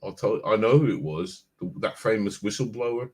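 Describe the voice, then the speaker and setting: Talking a little fast in a low voice with a breathy edge, a male host keeps his live stream casual and lively. He tends to repeat words while collecting his thoughts, and laughter comes easily to him.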